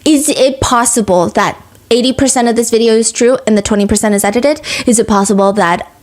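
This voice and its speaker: A woman hosting a podcast, telling a true-crime story in a brisk, earnest, casual way and asking a lot of questions. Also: a little high. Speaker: podcast host.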